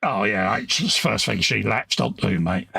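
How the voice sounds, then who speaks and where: Gravelly-voiced southern English man chatting. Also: lowish voice, moderate pace, pushed and bright. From England. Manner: chatty, joking banter, reads out viewer comments. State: sniffly. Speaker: co-host of a live model-building stream. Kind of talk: casual chat while building a model kit.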